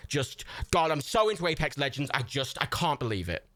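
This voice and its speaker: Acting: loud excitable young bro streamer, put on by a man. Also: a little high, brisk. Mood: defensive. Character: hyped young male bro gamer streamer. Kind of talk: mock streamer parody.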